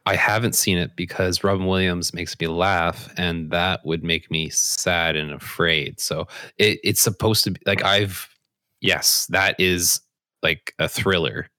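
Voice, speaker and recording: Deep, bright-toned man cracking dry jokes. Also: steady tone, unhurried, dry recording. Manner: dry one-liners, joking asides. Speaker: podcast co-host. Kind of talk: casual chat.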